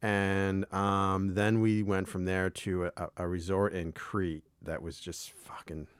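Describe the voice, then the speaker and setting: A man's voice: low-pitched, little pitch movement, unhurried, smooth, no room sound. An American man co-hosting a podcast, chatting casually in a rambling way with lots of swearing and restarts. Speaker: podcast co-host. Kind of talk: casual chat.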